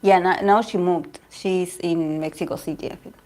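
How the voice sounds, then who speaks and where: A woman's voice: on the low side, steady tone, normal speed, darkish tone. Chatty Argentine woman, rambling livestream talk. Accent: Argentine Spanish. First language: Spanish. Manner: chatty and rambling, with frequent laughs and restarts. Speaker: tarot reader and channel host. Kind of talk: casual livestream chat with viewers.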